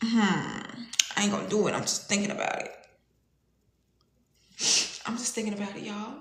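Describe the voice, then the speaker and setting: A woman's voice: mid-range voice, moderate pace, reverberant, slight background noise. A young woman chatting on a livestream, rambling and swearing, with frequent laughs. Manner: rambling, profane, slangy, laughs often. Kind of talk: casual livestream chat.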